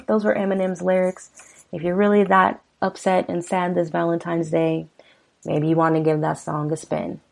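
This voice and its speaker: Soft-spoken woman podcast host. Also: low-pitched, vocal fry. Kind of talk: casual podcast commentary.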